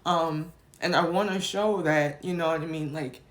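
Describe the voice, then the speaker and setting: Young woman vlogger, slightly low voice, teary and emotional, rambling confessional delivery. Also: steady tone, moderate pace. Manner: rambling, many fillers and restarts. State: tearful, emotional. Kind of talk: personal confessional vlog.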